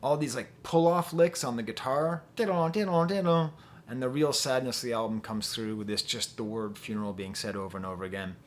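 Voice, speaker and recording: A chatty man talks through an album review straight to his camera at home, thinking aloud as he goes. His pitch sits in a middling range, and he often stops to restart a phrase. The pace is easygoing and conversational. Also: fairly even intonation, a little fast, a little hiss or hum. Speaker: music reviewer.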